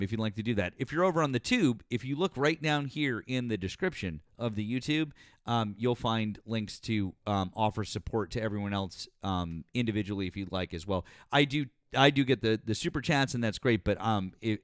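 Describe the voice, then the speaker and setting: A man's voice: lowish voice, dry recording, studio quality. A man hosting a live political stream, thanking viewers in a casual, profane way with many fillers and restarts.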